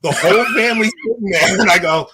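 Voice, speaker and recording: A man in his thirties telling a long personal story in casual chat, animated and laughing, acting out what people said. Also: high voice, fast talker. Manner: animated, laughing, acts out quotes. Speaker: podcast co-host telling a story.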